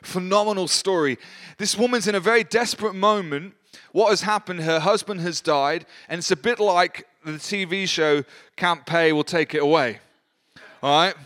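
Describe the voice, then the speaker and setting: An earnest man delivers a sermon during a church service, encouraging his listeners. His voice sits a little high for a man. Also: normal speed, fairly bright tone. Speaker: preacher.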